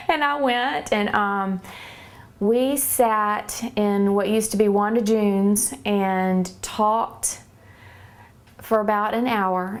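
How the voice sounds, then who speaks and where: Earnest woman with a gravelly voice. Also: medium pitch. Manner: earnest, hesitant, many fillers. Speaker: church member giving testimony. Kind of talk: personal faith testimony.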